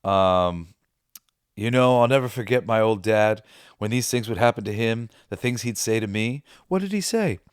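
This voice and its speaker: A man's voice: fairly low pitch, steady tone, normal speed, clean tone, no echo, studio quality. A man hosting a podcast, chatting casually and rambling with fillers and laughs. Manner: rambling, quotes movie lines with laughs. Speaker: podcast host. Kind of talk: casual chat.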